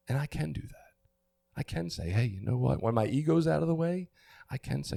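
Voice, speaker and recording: A middle-aged man talks candidly on a recovery podcast in a gravelly, mellow voice that sits a little low. He gropes for words, restarts, and swears casually. The sound is dry and close. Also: animated, fairly quick, no room sound. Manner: open, searching, stops and restarts, swears. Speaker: podcast co-host.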